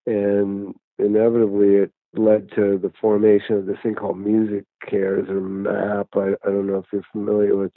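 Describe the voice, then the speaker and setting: A man in his fifties with a lowish voice talks down a tinny phone line, rambling through his story with plenty of restarts. The line is dry and narrow, like a call patched into a radio show. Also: completely flat delivery, normal speed, few pauses, no room sound. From United States. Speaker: guest, addiction counselor and musician. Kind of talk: casual interview over phone.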